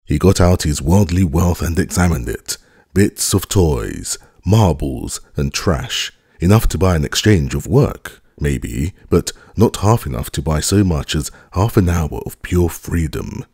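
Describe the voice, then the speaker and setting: A man narrating a classic novel as an audiobook, with measured, expressive storytelling into a close studio mic. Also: rumbling low, husky, no echo. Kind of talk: scripted narration.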